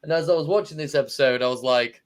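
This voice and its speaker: This podcast co-host talks fast in a medium-pitched voice, yet he's hesitant in the casual chat, full of fillers and restarted sentences.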